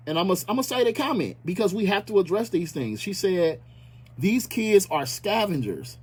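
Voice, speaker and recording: A man from Milwaukee, a community activist, talking bluntly and passionately with a lot of profanity. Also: high-pitched. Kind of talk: impassioned casual talk.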